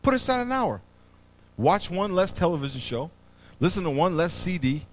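A man preaching a sermon as pastor, swinging between loud bursts and hushed low passages. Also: very animated, moderate pace. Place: church.

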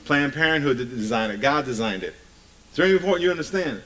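A man's voice: mid-range voice, animated, fast, bright, forceful tone, low-quality recording. A man preaching a sermon emphatically, often asking the congregation rhetorical questions.

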